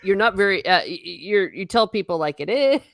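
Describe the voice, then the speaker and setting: A woman hosting a podcast, chatting casually with short, teasing interjections and quick laughs. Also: medium pitch, animated, creaky, no room sound, studio quality. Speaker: podcast host. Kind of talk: casual chat.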